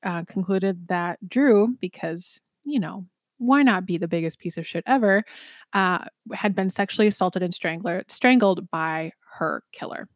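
A woman's voice: on the low side, no echo. Woman podcaster rambling thru a true crime case, lots of ums, dry close mic. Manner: chatty, many ums, swears, quick laughs. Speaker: podcast co-host. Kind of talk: casual true-crime storytelling.

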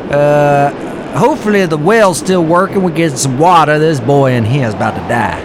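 A man's voice: fairly high pitch, animated, moderate pace, hardly any pauses, noisy background. A man improvising a game role-play in a thick put-on frontier drawl, joking around. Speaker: player roleplaying a character.

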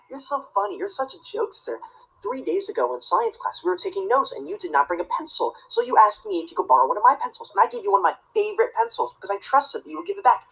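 A woman's voice: medium pitch, wildly swooping pitch, fast, fairly bright tone, husky, full character voice, poor audio. A woman acting a prissy, rule-obsessed teacher's pet student in a comedy sketch, tattling and preaching about the rules. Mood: tattling, indignant. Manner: tattling, self-righteous and preachy.

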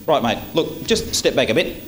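A man's voice: mid-range voice, lively intonation, moderate pace, fairly bright tone, a little hiss or hum, voice pushed down, lightly acted, rough recording. An Australian man playing a pushy salesman who over-explains everything in brash, blunt patter. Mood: bossy.

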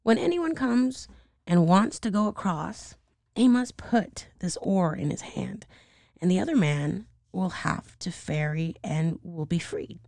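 A hoarse woman voicing a grumpy, suspicious male devil, with a slow, heavy, gruff delivery. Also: fairly low pitch, expressive, a little mellow, dry recording, studio quality. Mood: scornful.

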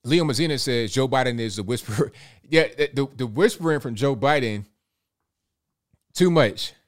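A livestream host with a medium-pitched, lively voice reads through viewers' super chats at a moderate pace. The chat is casual and loose, and he tends to repeat words and chuckle often.

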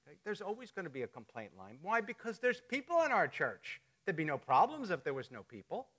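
High, bright-voiced storytelling pastor. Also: male voice, wildly swooping pitch, brisk. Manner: storytelling, conversational, jokes with the congregation. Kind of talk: sermon. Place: church sanctuary.

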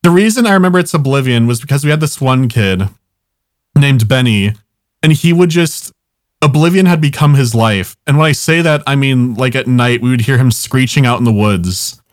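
A young man in casual chat, spinning a rambling anecdote full of fillers and swearing. His voice sits at an ordinary middle pitch. It is recorded close and dry, with no room sound. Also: lively intonation, moderate pace, no echo. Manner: rambling, swears often, laughs at his own stories.

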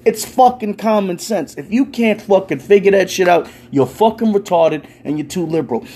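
A young man, delivering a loud, profane rant in a casual stand-up style. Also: high voice, moderate pace, hardly any pauses, slightly rough. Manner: loud, swearing, ranting, animated. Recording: faint background noise.

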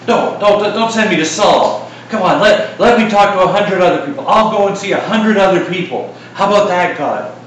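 A man's voice: normal speed, hardly any pauses, slight background noise, lightly acted. A man voicing a nervous, reluctant man who stammers as he begs God not to send him. It is heard in a big echoing room from a distance. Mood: pleading. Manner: pleading, high and strained, stammering.

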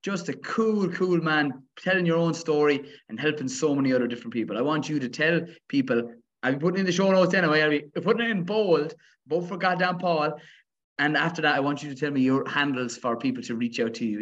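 A man's voice: fairly high pitch, fast talker, fairly bright tone, dull audio. A man hosting a podcast, enthusiastic and casual, swearing lightly as he praises his guest. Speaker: podcast host.

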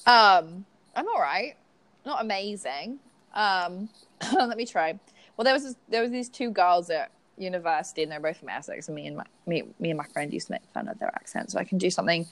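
A woman's voice: lowish voice, animated, brisk, fairly bright tone, no echo. A woman co-hosting a podcast, chatting casually with lots of "like" and frequent giggles. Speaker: podcast co-host. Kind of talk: casual chat.

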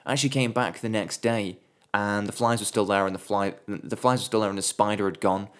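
A man who blogs about movies, telling comic stories in a sardonic, sweary way and putting on quick voices for the people he quotes. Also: on the low side. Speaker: movie blogger. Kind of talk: comedic storytelling monologue.

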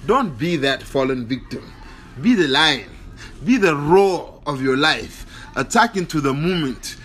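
A man delivers a home-recorded motivational monologue, his voice sitting a little high. He preaches in emphatic, repeated declarations. A faint hiss runs under the recording. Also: lively intonation, measured pace, a bit bright. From Africa. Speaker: motivational speaker.

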